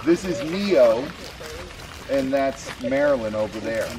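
A man's voice: mid-range voice, lively intonation, slow pace, rough recording. A man who owns an animal sanctuary, giving plain, matter-of-fact explanations of the animals. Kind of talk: casual chat. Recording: outdoor group chatter behind.

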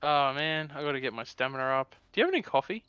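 A man's voice: medium pitch, expressive, fast talker, bright, forceful tone, clear, resonant tone, muffled recording. An Australian man chatting casually as a partner in a co-op video game, making dry, teasing remarks. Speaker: co-op gaming partner. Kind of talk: casual co-op gaming chat.

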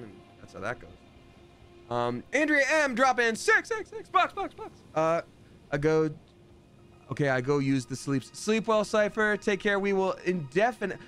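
A man casually commenting while playing a game on a live stream, chatty and jokey, reading out viewer donations. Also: on the high side. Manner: animated, jumps between mumbling and excited.

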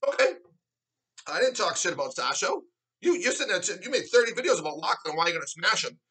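A man with a high, piercing voice goes on a heated, profane rant to camera. His tone is bright and forceful, full of sarcasm, and he mocks his rival in put-on voices. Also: very animated, fast, breathy edge, low-quality recording. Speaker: arm wrestler vlogging a response.

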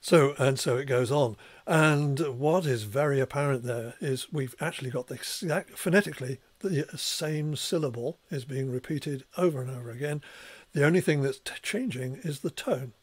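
A male professor giving a recorded tutorial lecture, explaining steadily and clearing his throat now and then. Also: medium pitch, moderate pace, no echo.

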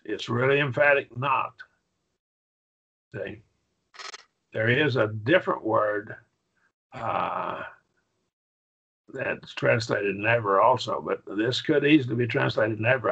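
A man teaching a Bible Greek grammar class in a folksy way, often asking "okay?" and slowing down to stress his points. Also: on the low side, creaky, fairly bright tone, slightly rough, dull audio. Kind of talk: classroom lecture.

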